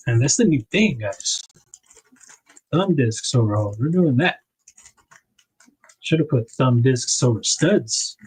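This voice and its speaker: A man's voice: a little high, low-quality recording. A man hosting a casual livestream, rambling and correcting himself with little laughs as he packs things up. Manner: narrates while packing items. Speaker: livestream host.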